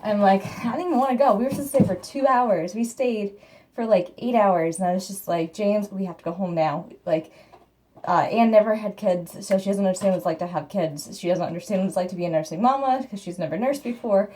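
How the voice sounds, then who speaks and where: A woman's voice: medium pitch, a little fast, dark tone. A woman who is a mother, talking casually at home in a vlog, venting and acting out people in her stories. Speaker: vlogger and mother. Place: at home, indoors.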